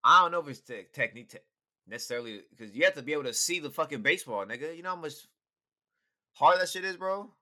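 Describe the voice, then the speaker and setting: A young man co-hosting a podcast in casual chat, profane and emphatic when making his point. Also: fairly high pitch. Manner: fast, animated, profane and emphatic. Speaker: podcast co-host.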